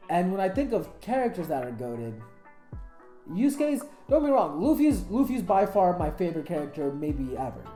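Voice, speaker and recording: A woman giving casual anime commentary, excitable and emotional, swearing freely. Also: sits low. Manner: excitable, profane, emotional fan talk. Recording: echoey room, faint music.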